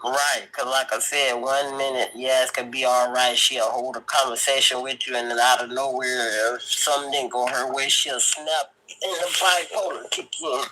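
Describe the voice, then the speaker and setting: A man's voice: mid-range voice, steady tone, normal speed, sharp tone, slight background noise, low-quality recording. A man calling in as a parent, talking in a plain, rambling, informal way. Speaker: caller, parent. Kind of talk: casual talk.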